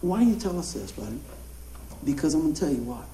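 Pastor with a high voice. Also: male voice, fast, slight background noise. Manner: animated, conversational storytelling. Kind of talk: storytelling sermon. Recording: roomy hall echo.

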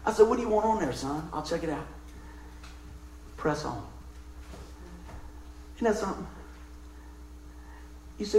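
Middle-aged male preacher, folksy and heartfelt, high-pitched voice, roomy church echo. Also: expressive, normal speed, long pauses, slight background noise. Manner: folksy, emotional storytelling with asides. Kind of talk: sermon. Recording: echoey room.

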